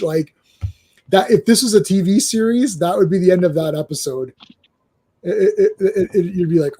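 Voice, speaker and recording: A man hosting a casual comic book discussion, animated, with stammering restarts and acted-out quotes. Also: sits high, moderate pace. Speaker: comic book show host.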